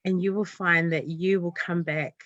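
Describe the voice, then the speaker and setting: A New woman speaks in a lowish voice, earnest and heartfelt. Her thoughts run on from one to the next in casual interview chat. The sound is dry and close. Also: steady tone, normal speed, fairly bright tone, dry recording, lo-fi sound. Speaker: community developer, guest.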